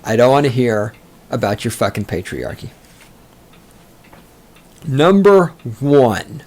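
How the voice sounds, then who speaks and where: A man's voice: fairly low pitch, lively intonation, brisk, darkish tone. A man hosting a solo book-discussion podcast, reading passages aloud and mocking them in a sarcastic, profane rant. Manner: reads passages aloud, then mocks them. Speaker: podcast host.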